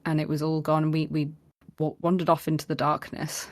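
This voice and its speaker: Woman, podcast co-host, lowish voice, casual storytelling, acts out quotes, laughs often. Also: level tone, normal speed, a little mellow. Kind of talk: casual chat recounting a LARP event.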